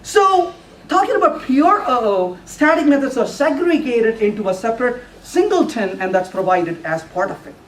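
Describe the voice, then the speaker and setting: A man giving a technical talk with live coding to a user group, animated and playful, now and then putting on a mock voice for the compiler. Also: very high-pitched, normal speed, slight background noise. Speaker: conference speaker. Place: lecture room at a user group meeting. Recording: echoey room, voice from far off.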